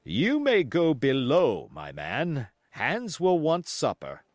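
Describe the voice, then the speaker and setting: A man voicing a strict sea captain who gives clipped, deliberate commands. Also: a little high, wildly swooping pitch, dry recording, studio quality, pitched above the performer's own voice, heavily acted. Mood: stern. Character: stern, curt male sea captain, strict.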